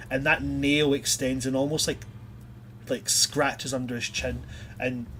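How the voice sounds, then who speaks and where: A man's voice: mid-range voice, a bit bright, a little hiss or hum. A man narrating a tabletop game as game master, chatty and loose. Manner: chatty, loose, many fillers.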